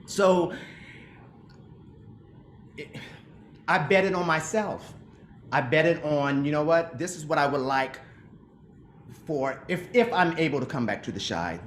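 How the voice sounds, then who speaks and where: With a fairly high pitch, this middle-aged actor speaks a little slowly and pauses often, his video-call audio roomy with slight background noise. As an interview guest, he reflects earnestly and emotionally, frequently starting sentences over.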